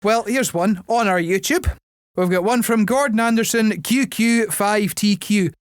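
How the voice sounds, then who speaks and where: A man's voice: sits high, unhurried, no room sound, clean studio sound. A Scottish man co-hosting a podcast, bantering crudely and laughing often. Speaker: podcast co-host. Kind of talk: casual comedic chat.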